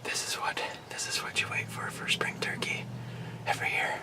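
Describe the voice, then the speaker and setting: A man hosting a hunting show, whispering excited commentary from his blind outdoors. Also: moderate pace, recorded from a distance.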